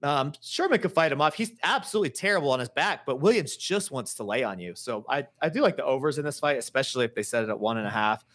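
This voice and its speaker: A man's voice: mid-range voice, lively intonation, quick pace, hardly any pauses, fairly bright tone. Blunt, opinionated male co-host. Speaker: podcast co-host. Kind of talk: casual podcast chat about fight picks.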